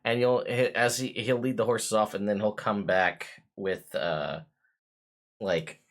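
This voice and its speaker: A man's voice: lowish voice, fairly even intonation, unhurried, a bit bright. A man running a tabletop game as game master, describing scenes and asking players questions with many hesitations. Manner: hesitant, full of fillers and restarts while describing scenes.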